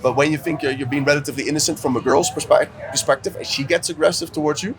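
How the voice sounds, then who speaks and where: A man's voice: on the high side, fast talker, crowd noise. A man co-hosting a casual chat, telling a story with many fillers and acting out what people said. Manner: animated storyteller, acts out quotes, many fillers. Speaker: dating coach, co-host.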